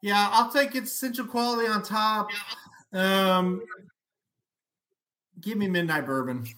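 A man co-hosting a casual podcast with a bright, slightly raised voice. He talks animatedly and likes to act out quoted lines. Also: sits high, slow, slight background noise. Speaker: podcast co-host. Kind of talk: casual chat.

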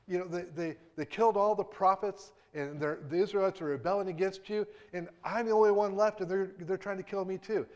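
A man's voice: high-pitched, steady tone, a little fast, few pauses, muffled recording, pitched above the performer's own voice, natural voice. A man acting out the voice of a worn-out, self-pitying male prophet who vents in raised, exasperated tones.

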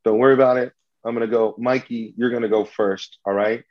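A man's voice: mid-range voice, fairly even intonation, brisk, highs cut off. A man hosting a podcast game, playful and teasing as he talks. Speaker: podcast host running a game. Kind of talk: casual chat.

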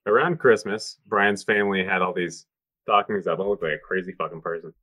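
A man's voice: sits low, fairly quick, sharp tone, dry recording. A man talking casually on a podcast, rambling with lots of ums and the odd curse. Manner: rambling, swears freely, many ums. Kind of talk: casual chat.

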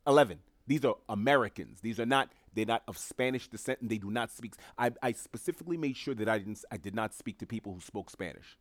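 A man's voice: on the low side, fast, hardly any pauses, no echo. Guy ranting solo on his podcast, sarcastic, keeps repeating himself, dead dry sound. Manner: emphatic, sarcastic, repeats phrases. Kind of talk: opinionated solo commentary.

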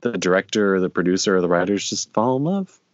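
A man's voice: low voice, lively intonation, fast, no echo. A man co-hosting a podcast over a video call, chatting casually, laughing often and adding trivia. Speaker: podcast co-host. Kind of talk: casual recap chat. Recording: dry, dull lo-fi audio.

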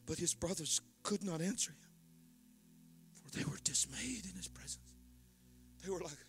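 A man preaching a sermon in a singsong cadence, swinging between soft whispers and shouted call-and-response. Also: fairly high pitch, normal speed, soft background music.

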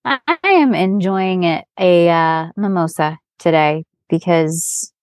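A woman's voice: lowish voice, takes it slowly, dry recording. A woman with a light Boston accent hosting a podcast in a chatty way, laughing and restarting her words as she goes. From Boston area, USA. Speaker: podcast host. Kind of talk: casual podcast chat.

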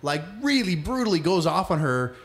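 Joking male co-host, lively pitch swings. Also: normal speed. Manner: playful, joking, swears. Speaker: podcast co-host. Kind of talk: casual chat.

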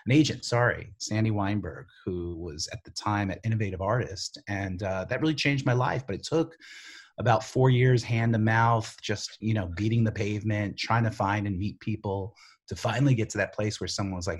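A man's voice: fairly low pitch, moderate pace, breathy edge. A middle-aged man from the Bronx, a screenwriter, telling his story loosely in an interview, full of "you know" and "like". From the Bronx, New York. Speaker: screenwriter guest.

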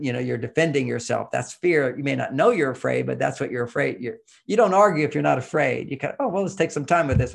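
An older man talks through relationship advice in an emphatic, lecturing way. His voice sits a little high and carries a gravelly, creaky edge. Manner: explanatory, emphatic, lectures with acted-out quotes. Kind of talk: conversational advice talk.

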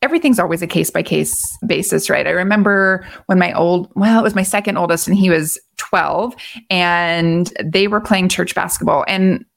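A middle-aged woman talking as a guest in a relaxed, thoughtful conversation. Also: lowish voice, normal speed, vocal fry. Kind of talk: casual conversation.

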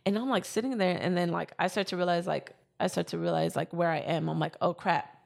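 A woman's voice: on the low side, steady tone, fast, gravelly, a little mellow. A woman in her twenties telling a personal story in casual chat, with lots of fillers.

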